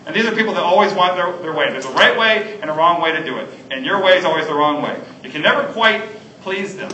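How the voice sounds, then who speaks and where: A male pastor preaches with an earnest, conversational tone and a bright, forceful edge, often restarting his phrases. His voice sits a little high for a man. It rings through an echoey hall, picked up from a distance with faint ambience behind. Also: expressive, fast, slight background noise. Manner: earnest, repetitive restarts and fillers. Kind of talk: sermon.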